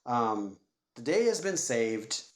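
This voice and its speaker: A man co-hosts a casual movie podcast, recounting scenes in an animated way and acting out the characters' lines. His voice sits at a middle pitch. The recording has a roomy echo. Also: slow. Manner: animated retelling, acts out movie quotes. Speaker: podcast co-host.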